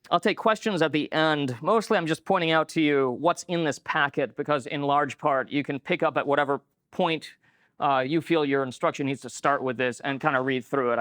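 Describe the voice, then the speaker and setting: A man's voice: fairly high pitch, fairly bright tone. A man giving a conference lecture in a conversational way, with many filler words. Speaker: conference speaker. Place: lecture room.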